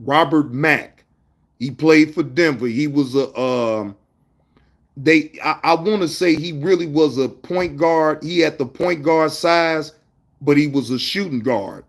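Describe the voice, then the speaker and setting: In a casual livestream, the male host talks straight to his chat in a fairly high voice at a slightly slow pace. He is animated and slangy, and he greets viewers by name as he moves between stories.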